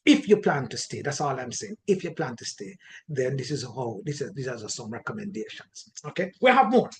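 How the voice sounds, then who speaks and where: A man with a Jamaican accent giving an animated teaching talk on marriage, often repeating words and restarting his sentences. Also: medium pitch, brisk. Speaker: relationship teacher.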